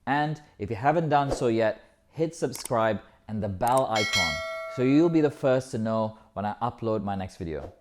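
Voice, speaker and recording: A man's voice: medium pitch, animated, normal speed, noisy background. A man giving a talk as a yoga teacher, emphatic, building rhythmic lists and swearing casually. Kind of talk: live motivational talk. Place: yoga festival talk, indoors.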